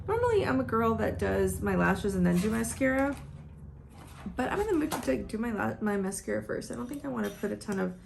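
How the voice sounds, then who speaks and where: Chatty, teary woman with a slight rasp. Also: on the high side, background noise. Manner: chatty and emotional, rambling with many fillers. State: teary, close to crying. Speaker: beauty vlogger. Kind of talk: casual get-ready-with-me chat. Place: at home, doing her makeup.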